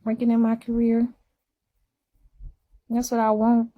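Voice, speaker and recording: A woman's voice: on the high side, monotone, measured pace, lo-fi sound. A woman chatting casually on a live stream, emphatic and repetitive for effect. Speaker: livestreamer.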